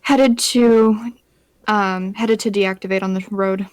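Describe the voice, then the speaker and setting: A woman taking part casually as a player in a tabletop game, talking quickly and offhandedly. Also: medium pitch, fairly even intonation, no echo.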